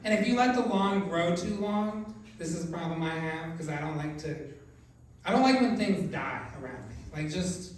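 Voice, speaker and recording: Middle-aged male stand-up, rambling and loud in bursts, high voice, recorded from a distance. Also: animated, normal speed. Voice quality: voice often taken for a woman's on the phone. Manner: rambling, filler-heavy delivery with sudden loud outbursts. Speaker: stand-up comedian. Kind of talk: stand-up set. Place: comedy club stage. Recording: echoey club, distant mic, noisy.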